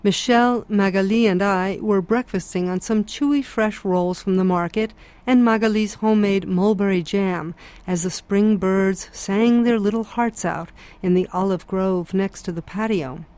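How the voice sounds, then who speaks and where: A woman giving measured, reflective audiobook narration. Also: mid-range voice, a little mellow, no room sound.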